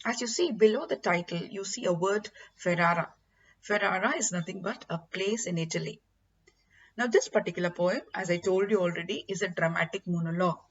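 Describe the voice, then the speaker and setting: A woman's voice: medium pitch, a little hiss or hum. A woman lecturing on literature to students, explaining terms patiently and addressing her listeners directly. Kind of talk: classroom lecture. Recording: dull lo-fi recording.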